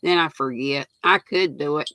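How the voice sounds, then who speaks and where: An older woman from North Carolina with a Southern accent hosts a live stream, chatting casually with viewers, greeting them by name and laughing often. Her voice is low and fairly bright, at a normal speed, in a dry recording.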